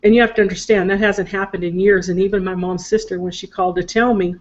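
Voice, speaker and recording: A woman's voice: mid-range voice, fairly even intonation, quick pace, muffled recording. An older woman telling a heartfelt family story in casual chat on a video call, emotional and talkative. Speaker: psychic show co-host.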